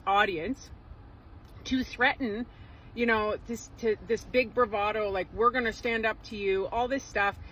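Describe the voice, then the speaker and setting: A woman's voice: on the high side, bright, forceful tone, a little hiss or hum, rough recording. A woman, giving emphatic, sarcastic political commentary in a vlog. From Canada.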